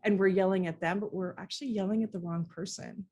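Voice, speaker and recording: A woman's voice: medium pitch, steady tone, fast, darkish tone. A woman parenting coach speaking earnestly and with animation in an interview, often acting out how she talks to children. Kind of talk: interview conversation.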